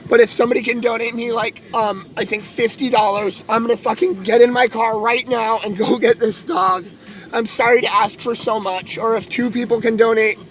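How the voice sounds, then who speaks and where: High-voiced young man rambling earnestly. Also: low-quality recording. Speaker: live streamer. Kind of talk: casual live-stream talk.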